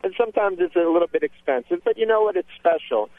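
A man's voice: high-pitched, animated, fast, no room sound. A male chef and cookbook author, chatting casually in a radio interview and rambling with many restarts. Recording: tinny phone line.

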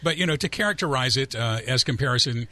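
Male radio host, mid-pitched, hesitant and playful, close and dry in the studio. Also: expressive, fast talker, bright, forceful tone, dry recording. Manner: rambling, hesitant, playful questions. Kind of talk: radio interview.

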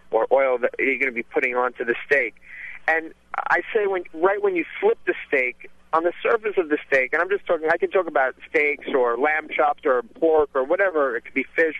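A man's voice: fairly high pitch, no room sound. Man talking cooking over a phone line. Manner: rambling, with many restarts. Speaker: chef and cookbook author guest. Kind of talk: casual radio interview talk.

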